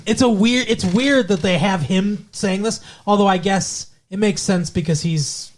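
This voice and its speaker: Rambling, loose-talking man, a bit high. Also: unhurried. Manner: rambling and loose, heavy swearing and fillers. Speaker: podcast co-host. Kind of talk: casual chat recapping a TV episode.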